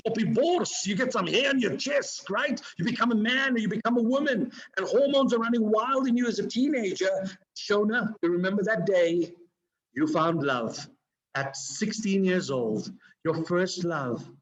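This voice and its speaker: A man giving an energetic, preachy motivational talk to a live online audience, swinging his pitch and pace for emphasis. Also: muffled recording. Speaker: motivational speaker. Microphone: video call.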